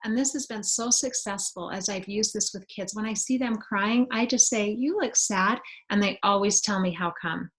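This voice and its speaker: A woman presenting a webinar over a video call, explaining in a relaxed, conversational way with many fillers. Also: mid-range voice, moderate pace, few pauses. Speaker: webinar presenter on student well-being.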